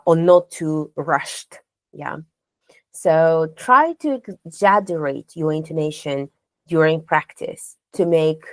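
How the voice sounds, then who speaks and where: A woman's voice: on the low side, dry recording. A woman teaching speech delivery as a contest trainer, asking the learners questions and demonstrating intonation aloud. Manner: coaching, poses rhetorical questions to learners. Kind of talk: instructional lecture.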